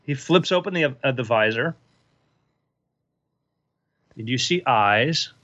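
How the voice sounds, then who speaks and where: A man's voice: medium pitch, animated, slow, pushed and bright, dry recording. A man narrating a comedic tabletop game as game master, with dry, offhand asides. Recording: dull, lo-fi podcast audio.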